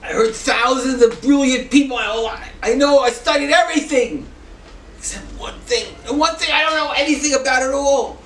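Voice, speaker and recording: A man in his seventies telling a personal story to an audience, animated and halting, moving between loud bursts and hushed asides. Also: very high voice, a little hiss or hum. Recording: echoey room, distant mic, faint ambience.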